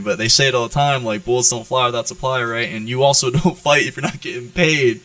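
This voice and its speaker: An American man tells war-room stories from his Marine days, swearing freely and tossing in "right?" to keep his listeners with him. His voice is bright and forward at an average pitch, recorded close and dry with no room sound. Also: brisk, dry recording, far from the mic, poor audio. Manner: profane, animated storyteller who keeps checking in with "right?". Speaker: Marine guest on a podcast. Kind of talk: storytelling in an interview.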